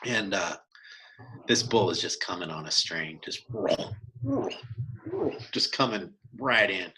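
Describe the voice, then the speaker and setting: Bright-voiced man telling a hunting story. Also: deep voice, slow pace, a little hiss or hum, poor audio. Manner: animated, acts out quoted dialogue, many restarts. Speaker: podcast co-host telling a hunt story. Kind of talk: casual storytelling chat.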